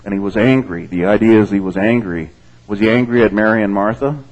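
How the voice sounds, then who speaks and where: A man with a fairly low voice delivers a sermon, reading scripture aloud and commenting on it. He talks to the congregation in a relaxed, conversational way and keeps checking in with "okay?" and "amen?". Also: fairly quick, lo-fi sound. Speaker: pastor.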